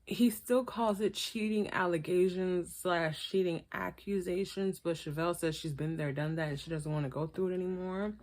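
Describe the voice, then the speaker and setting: Woman doing a chatty opinionated reality tv recap, kinda low voice, loose and gossipy. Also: steady tone, moderate pace, few pauses, a little mellow. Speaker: reality TV reviewer. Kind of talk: casual gossip commentary.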